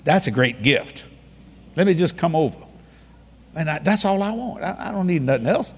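Lively husky preacher in a reverberant hall. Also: male voice, on the high side, normal speed. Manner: animated, repeats key lines for emphasis. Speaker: preacher leading a ministry. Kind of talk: humorous storytelling sermon. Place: large hall with an audience. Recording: long reverb of a large hall.

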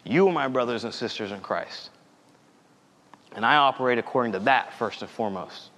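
Young male preacher, mid-pitched, earnest storytelling sermon, long hall reverb. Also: moderate pace, fairly bright tone.

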